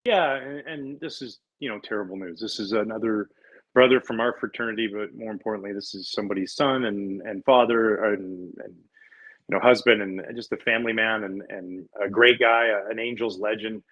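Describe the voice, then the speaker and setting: A middle-aged man from Canada, a former pitcher, chatting as a guest and telling stories with lively laughs and quick restarts. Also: highs cut off. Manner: animated storyteller, laughs often, restarts words. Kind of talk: casual interview chat, storytelling.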